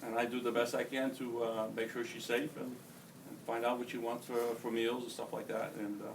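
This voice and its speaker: A man's voice: mid-range voice, little pitch movement, moderate pace. A man on a discussion panel, talking in a plain, folksy way about his daily routine with his wife, with many fillers. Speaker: panelist, spouse of a brain injury survivor. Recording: distant mic, faint room noise.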